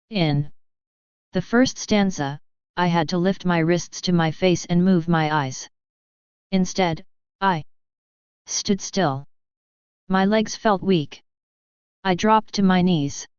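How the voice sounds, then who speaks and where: Brief: female first-person audiobook narrator, measured and fairly low-pitched; dry, dull recording. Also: a little mellow, smooth, no echo.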